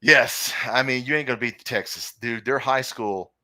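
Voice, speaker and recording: A man's voice: medium pitch, moderate pace, sharp tone, no room sound, clean studio sound. A man hosting a live sports talk stream, opinionated and rambling, reading viewer comments aloud. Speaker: podcast host.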